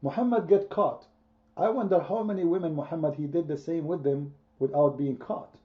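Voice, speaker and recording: On a lo-fi recording, a man with a slightly high voice hosts a heated online debate at a normal speed. He hammers his points emphatically, repeats them, and puts questions to his audience.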